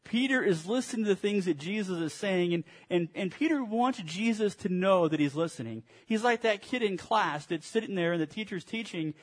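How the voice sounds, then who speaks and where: High-voiced male pastor preaching. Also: expressive, fairly quick, few pauses. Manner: storytelling, with dry sarcasm. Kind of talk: sermon.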